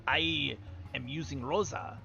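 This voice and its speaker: A man voicing a gruff male pirate who lectures like a disappointed dad, growling yar and arr. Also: medium pitch, slow, pushed and bright, highs cut off, full character voice. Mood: scolding. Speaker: game streamer.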